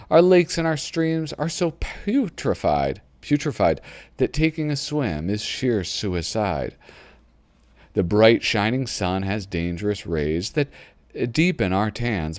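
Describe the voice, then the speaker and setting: A man's voice: fairly low pitch, dry recording. A man hosting a channel who chats casually and giggles as he flips through an old magazine at his computer. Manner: chatty, giggly, easily sidetracked. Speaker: host. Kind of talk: casual commentary while flipping through a magazine. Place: home computer desk.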